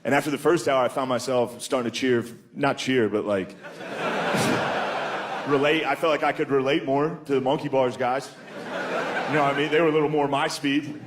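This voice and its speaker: A man performing crude, casual stand-up comedy in a slightly higher voice. He keeps calling people dude and jumps into loud mock voices. The live recording has a clear layer of noise under it.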